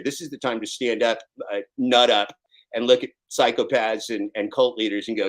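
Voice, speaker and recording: A man in his fifties, a guest in a live online interview, talking intensely and swearing, at times rising to a shout. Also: mid-range voice, steady tone, moderate pace, poor audio. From Oregon. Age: 50s.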